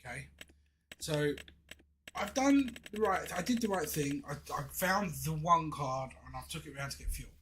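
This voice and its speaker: A man's voice: on the high side, lively intonation, normal speed, fairly bright tone, slight background noise, low-quality recording. An English man in his thirties, a game streamer telling a story in a chatty, indignant way with many restarts. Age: 30s. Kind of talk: casual storytelling while gaming.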